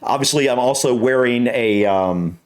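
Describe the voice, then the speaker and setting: A man's voice: mid-range voice, moderate pace. Rambling American man reacting casually. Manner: rambling, full of fillers and restarts. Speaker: reaction video host. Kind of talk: casual chat. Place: upstairs room at home.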